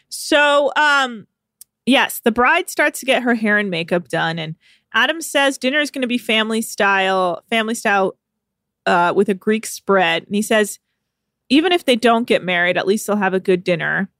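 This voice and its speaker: A woman co-hosting a comedy podcast, recapping a reality show with lively storytelling and deadpan jokes. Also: medium pitch, normal speed, dry recording, studio quality. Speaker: podcast co-host.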